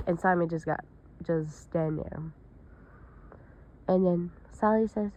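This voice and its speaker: A woman's voice: medium pitch, fairly even intonation, normal speed. A woman telling a made-up story in one long rambling stream, linking events with "and then". Her voice sits in a middle range. The recording is a bit muffled and lo-fi. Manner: rambling, run-on narration with restarts. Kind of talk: casual improvised storytelling.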